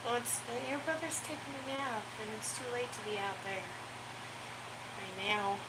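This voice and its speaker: A woman's voice: fairly high pitch, moderate pace. A woman hosting a casual live chat from home, rambling to viewers and cooing baby talk to her dog. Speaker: livestream host chatting with viewers. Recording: loud background noise with dog sounds. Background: dog barking.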